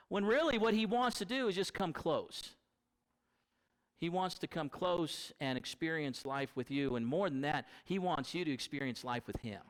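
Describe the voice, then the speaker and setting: A man's voice: sits high, a bit bright, low-quality recording. A man preaching a sermon in a conversational, storytelling manner.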